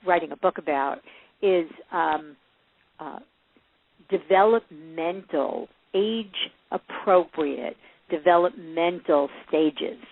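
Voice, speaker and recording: A woman being interviewed as a parenting coach, telling stories with lots of laughs and acting out the voices of the people in them. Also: fairly low pitch. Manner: lively storyteller who acts out quoted voices and laughs often. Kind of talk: casual interview chat. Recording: phone-line audio.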